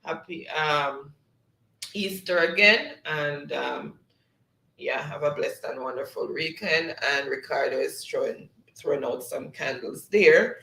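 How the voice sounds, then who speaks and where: A slow-talking Jamaican man hosts a casual live-stream quiz, reading viewers' chat messages aloud and chuckling often. His voice is gravelly and sits a little high for a man. The sound is echoey, as if from a bare room. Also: pushed and bright.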